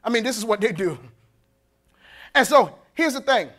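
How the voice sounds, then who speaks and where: A man with a high-pitched voice preaching a sermon at a men's conference. He talks in a loose, colloquial way and acts out the people he quotes. He laughs between his points. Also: lively intonation, moderate pace, fairly bright tone. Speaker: pastor.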